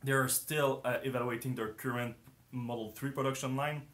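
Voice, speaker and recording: A man's voice: medium pitch, steady tone, moderate pace, a bit bright. A man hosting a casual live-stream discussion, talking hesitantly with many fillers and restarts, his voice strained as he loses it. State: losing his voice, clearing his throat. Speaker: host.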